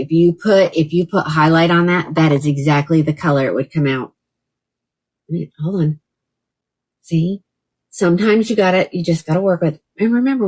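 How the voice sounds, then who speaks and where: A woman from Oklahoma hosting a live shopping stream, chatting casually with viewers by name and gushing over products. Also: mid-range voice. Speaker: live shopping host selling wigs. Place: indoors by a fan.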